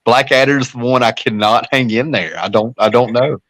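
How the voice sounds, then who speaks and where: A man's voice: mid-range voice, fairly even intonation, normal speed, crowd noise. A man in casual podcast chat, rambling and self-deprecating. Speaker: podcast panelist.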